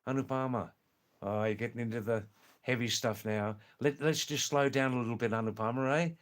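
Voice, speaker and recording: A man hosting a live stream, answering viewer comments slowly and thoughtfully, with many pauses and fillers. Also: mid-range voice, steady tone.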